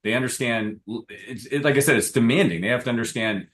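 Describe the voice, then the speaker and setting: Talking a little fast in a mid-range, fairly bright voice, a man hosts a business podcast and interviews his guest conversationally. He keeps it casual, leaning on filler phrases such as "you know," and there's slight background noise.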